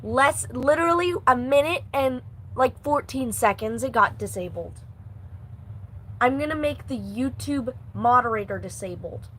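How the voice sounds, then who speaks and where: Young woman streamer, rambling and playful, fairly high voice, faint background hum. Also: animated, unhurried, fairly bright tone, rough recording. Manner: rambling, playful, talks to chat. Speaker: live streamer. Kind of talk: casual live-stream chatter.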